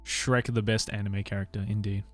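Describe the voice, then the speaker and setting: This young Australian man has a lowish voice and a level tone, moving at a moderate pace over soft background music. He rambles casually with his live-stream audience, laughing and cursing often.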